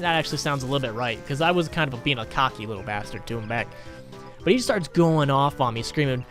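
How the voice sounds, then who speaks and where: A man's voice: fairly high pitch, a bit bright. A young man telling a crude, sarcastic story while he plays and comments on a game. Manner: crude, sarcastic, rambling anecdotes. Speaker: gaming YouTuber. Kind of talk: storytelling over gameplay commentary.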